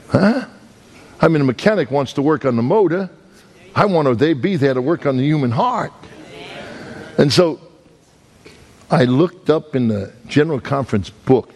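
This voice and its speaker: A man's voice: a little high, a little mellow. A man preaching as an evangelist, telling a story in a folksy, emphatic way with many restarts and repeated words. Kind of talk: storytelling sermon.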